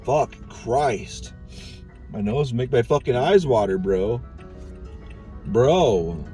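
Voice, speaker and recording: A man's voice: medium pitch, lively intonation, extremely slow, dark tone. A man vlogging from his car as he drives, rambling and joking crudely to himself. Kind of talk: casual driving vlog monologue. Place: inside a car while driving. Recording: distant mic with music playing. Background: music.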